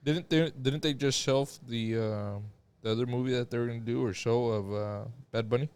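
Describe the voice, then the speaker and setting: A young man co-hosting a podcast, chatting casually with short questions and quick remarks. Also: medium pitch, darkish tone, clear, resonant tone. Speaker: podcast co-host. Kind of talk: casual chat.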